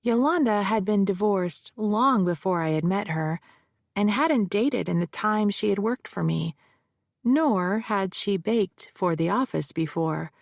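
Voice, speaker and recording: A woman narrating a first-person mystery audiobook in a measured, steady storytelling voice. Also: mid-range voice, vocal fry, no room sound, clean studio sound.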